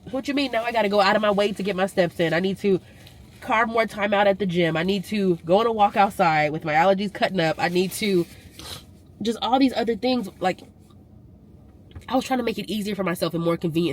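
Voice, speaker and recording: A woman's voice: mid-range voice, fast. Emphatic woman vlogging. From Southern US, Louisiana. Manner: emphatic, preacher-like repetition and rising intensity. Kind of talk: casual vlog talk to camera.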